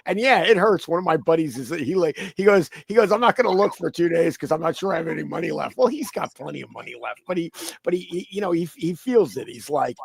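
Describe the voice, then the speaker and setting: Animated man talking markets. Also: quick pace, gravelly, breathy edge, no room sound, poor audio. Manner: animated, repeats words, acts out quoted people in high mocking voices. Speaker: guest commentator. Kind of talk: casual conversational interview.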